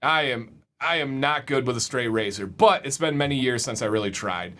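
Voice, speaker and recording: A man's voice: medium pitch, moderate pace, pushed and bright. A young man hosting a casual livestream, upbeat, often repeating words as he reads the chat. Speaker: livestream host.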